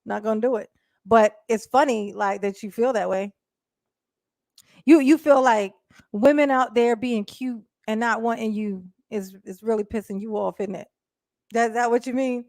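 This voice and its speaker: A woman doing casual live-stream commentary, blunt and profane, chatting directly with her viewers and breaking into quick laughs. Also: fairly high pitch, gravelly, darkish tone, dry recording, clean studio sound. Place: indoors at home.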